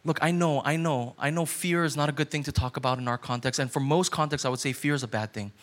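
A man's voice: fairly high pitch, quick pace. A man in his thirties, a pastor preaching a sermon in a conversational way that builds to urgent, repeated questions.

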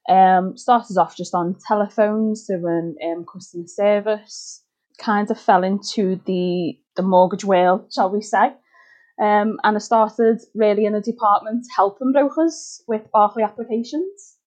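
Scouse woman guest, slow easy delivery, laughs a lot between thoughts. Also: mid-range voice, fairly even intonation, darkish tone. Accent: Liverpool (Scouse). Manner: giggly, laughs often, hesitant with fillers. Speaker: podcast guest, mortgage advisor. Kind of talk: casual interview chat.

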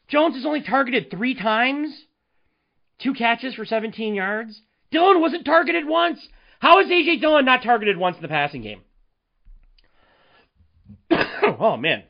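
A man hosting a solo sports podcast, ranting in an animated, exasperated way and firing off rhetorical questions. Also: very high voice, lo-fi sound. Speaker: podcast host.

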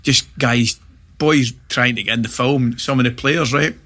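A middle-aged Scottish man chats about his football days with a bright, forward voice. He tells his stories with animated energy and keeps tossing in little check-ins to his listeners. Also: mid-range voice, slightly rough. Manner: animated anecdotes, quick asides like "right?". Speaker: former footballer and pundit guest. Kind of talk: casual storytelling chat.

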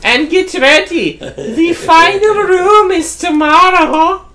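A man's voice: very high-pitched, takes it slowly, pushed and bright, voice pushed up, exaggerated voice. A man voicing a gloating male villain over an intercom, with a mock German accent.

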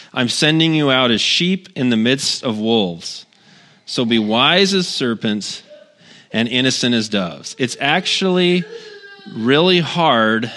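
A middle-aged male pastor delivers a casual, conversational sermon full of personal stories, wry humor, and asides. His mid-range voice sounds pushed and bright.

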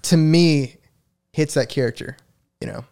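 A man's voice: a little high, unhurried, gravelly, darkish tone, clear, resonant tone. A man hosting a podcast, chatting casually into a studio microphone, rambling and restarting his sentences. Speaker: podcast host. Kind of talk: casual conversation.

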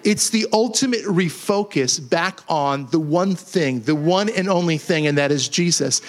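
A man preaching a sermon in an animated way, dropping to hushed lows and rising to emphatic highs. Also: measured pace. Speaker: pastor. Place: church hall.

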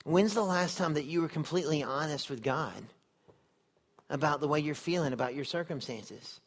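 A man's voice: a little high, moderate pace. A man preaching a sermon in an earnest, conversational way, often putting questions to his listeners. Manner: earnest, conversational, asks the audience many questions.

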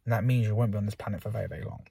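A young man talks quickly and a little huskily, recording a casual solo podcast from inside a car. His pep talk rambles along, full of fillers, and he is still slightly out of breath from sport. The sound is close and dry. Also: lowish voice, vocal fry, dark tone, slightly rough, no echo. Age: young adult. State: slightly out of breath after football. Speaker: podcast host.

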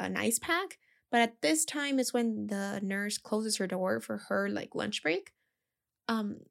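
A young woman and teacher telling a chatty, casual story with lots of fillers. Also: fairly high pitch.

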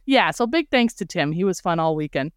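A woman's voice: lowish voice, expressive, brisk, clean tone, no echo, studio quality. A woman hosting a podcast in a casual, effusive way, gushing with thanks and laughing easily. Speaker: podcast host.

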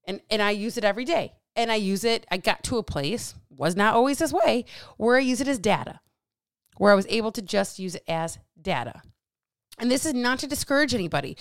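A woman's voice: medium pitch, no room sound, studio quality. A woman hosting a solo podcast as a coach, talking bluntly with plenty of swearing and getting heated up. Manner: blunt, profane, fired-up; animated with hands.

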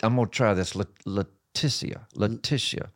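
A man's voice: fairly low pitch, normal speed. A middle-aged man, a pastor, hosting a casual interview; he speaks expressively and laughs easily. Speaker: pastor, host.

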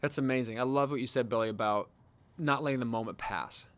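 A man's voice: mid-range voice, fast talker. A man hosting a podcast, speaking reflectively and affirming his guest with rhetorical questions. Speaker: podcast host. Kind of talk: casual podcast chat.

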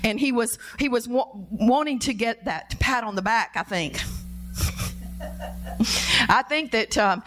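A woman's voice: on the high side, normal speed, fairly bright tone. A middle-aged woman preaching a sermon, impassioned, acting out pleading prayers and repeating her words. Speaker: preacher, pastor's wife.

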